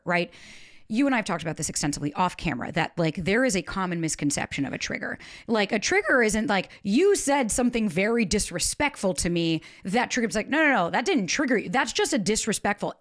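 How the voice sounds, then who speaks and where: A woman hosting a podcast, telling candid stories in an animated, casual way with some swearing. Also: mid-range voice. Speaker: podcast host. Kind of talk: casual conversation.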